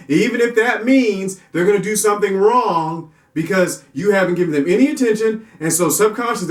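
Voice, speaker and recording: A man gives a casual Christian talk on parenting in a folksy, repetitive manner. His voice sits fairly high for a man. He sounds set back from the mic in a roomy, echoing space. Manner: folksy, repetitive, restarts and chuckles. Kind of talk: casual faith-based talk. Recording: roomy echo, distant mic.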